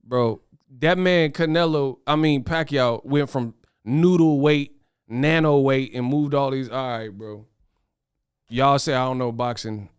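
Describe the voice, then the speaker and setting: A young man hosting a boxing commentary livestream, talking fast in slang, excitable and laughing as he reads viewer chat. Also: mid-range voice, clear, resonant tone, no echo, studio quality. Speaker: boxing commentary show host.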